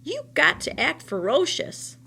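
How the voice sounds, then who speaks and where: A woman voicing a stern, bossy old farm woman who barks orders in a loud, folksy way. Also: high voice, wildly swooping pitch, unhurried, creaky, voice pushed up, exaggerated voice.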